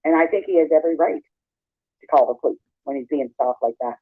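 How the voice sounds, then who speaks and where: Male caller, halting and filler-heavy, dry phone-line sound. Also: a little high, dry recording. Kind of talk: casual chat.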